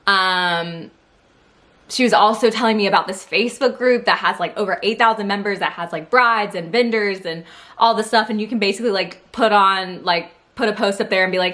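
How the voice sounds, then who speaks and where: A young woman telling a personal story in a casual vlog, animated and chatty, with plenty of "like"s. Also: medium pitch, moderate pace. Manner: animated, chatty, many filler "like"s. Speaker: vlogger.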